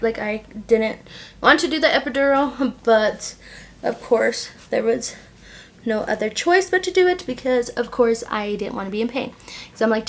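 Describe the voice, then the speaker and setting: A young woman vlogger telling a personal story casually while doing her makeup, filling her talk with "like" and retelling what people said in an animated way. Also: a little high, a little hiss or hum. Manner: chatty, heavy use of "like", animated retelling. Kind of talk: casual get-ready-with-me storytelling.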